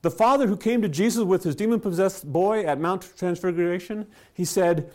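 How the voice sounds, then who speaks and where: A man preaching a sermon, telling stories with rhetorical questions and soft chuckles. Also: high voice, a little fast, few pauses. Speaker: pastor.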